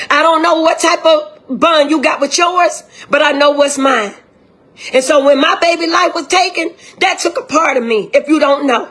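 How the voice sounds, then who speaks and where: Older grandmother with a high voice, fired-up and indignant, speaking straight to camera. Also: a bit bright. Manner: indignant, impassioned, repetitive direct address. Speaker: grieving grandmother. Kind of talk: emotional direct-address video.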